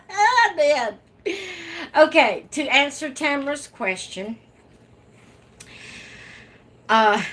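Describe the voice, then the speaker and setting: This is a woman hosting her own live video from home, reading out viewer comments in a relaxed, chatty way. She speaks slowly in a mid-pitched voice and often breaks into laughter. A light background hum sits under her voice. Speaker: livestream host.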